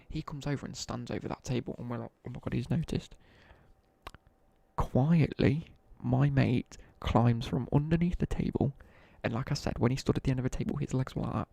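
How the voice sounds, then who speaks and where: A man's voice: mid-range voice, gravelly, darkish tone, dry recording. A young man with a British accent telling laddish school stories in casual live-stream chat while gaming. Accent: British English. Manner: chatty, laddish anecdotes with slang, asides while gaming.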